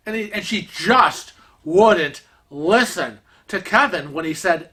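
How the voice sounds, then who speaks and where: Slow-talking man telling a bright-voiced story. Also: high-pitched, animated, slightly rough. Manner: chatty, exasperated, acts out quotes. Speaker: vlogger. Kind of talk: casual storytelling.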